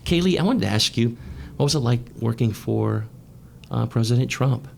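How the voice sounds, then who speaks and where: Gravelly guy hosting, calm chatty questions, bit of hiss behind. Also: medium pitch, normal speed. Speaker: radio show host. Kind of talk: interview questions.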